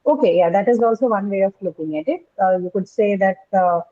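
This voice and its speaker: A woman's voice: mid-range voice, fairly quick, narrow, tinny audio. A woman teaching English pronunciation in a class, explaining patiently and often checking in with "right?". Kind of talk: classroom lecture on word stress.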